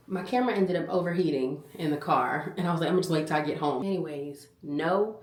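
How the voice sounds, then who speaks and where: A woman vlogging as a busy mother, telling stories in a casual, animated and exasperated way. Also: deep voice, fast talker, hardly any pauses, heavy background noise. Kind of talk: casual vlog chat.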